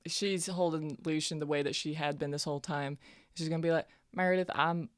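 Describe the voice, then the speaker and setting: A woman taking part in a tabletop game, describing her character's moves in a relaxed way. Her voice is low and sounds dry and close. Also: fairly quick, no room sound. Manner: relaxed, brief acknowledgements. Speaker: player.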